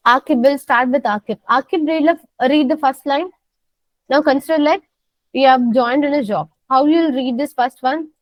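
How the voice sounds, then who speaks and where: A woman teaching a soft skills class, coaxing her students and repeating simple phrases. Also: sits high, normal speed, no room sound, poor audio.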